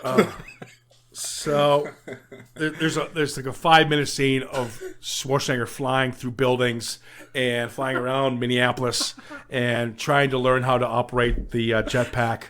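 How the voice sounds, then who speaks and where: A loud young man with an American accent, chatting on a podcast. He swears freely and sounds comically exasperated as he retells a film scene by scene. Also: medium pitch, level tone, unhurried. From United States. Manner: boisterous, swears a lot, mock-exasperated retelling. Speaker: podcast co-host. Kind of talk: casual podcast chat.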